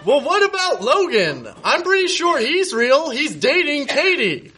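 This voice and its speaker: A man reading his comic story aloud and voicing a character in a purring, high, exaggerated tone. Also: big pitch swings, a little slow, crowd noise, exaggerated voice. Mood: indignant.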